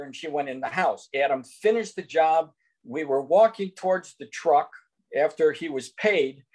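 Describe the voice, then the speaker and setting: A man's voice: a little high, darkish tone. An older man on a video call telling an earnest faith testimony, recounting conversations in quotes. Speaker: guest giving testimony. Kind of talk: testimony storytelling.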